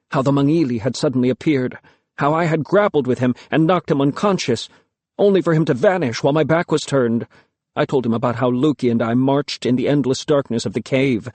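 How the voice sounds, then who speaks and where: A man narrates an audiobook in the first person, lyrical and measured, at a middling pitch. The sound is dry and close, with no room echo. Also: a little mellow.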